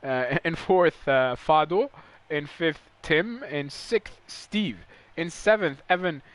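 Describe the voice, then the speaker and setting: A man commentating a sim racing league live, excitable and rambling, stumbling over words when excited. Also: a little high, slow.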